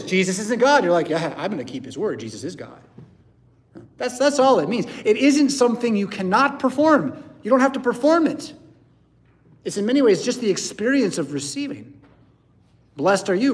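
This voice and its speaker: Guy preaching in church, kinda high voice, swoops up and down a lot, chatty with lots of "right?". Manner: conversational preaching with frequent "right?" and "yeah?" asides. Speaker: pastor. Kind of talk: sermon.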